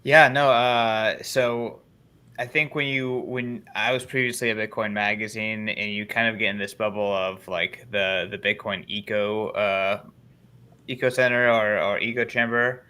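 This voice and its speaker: Panel guest, man, lowish voice with a clean, resonant ring, searches for words. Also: steady tone, unhurried, pushed and bright, clean tone. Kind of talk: casual panel chat.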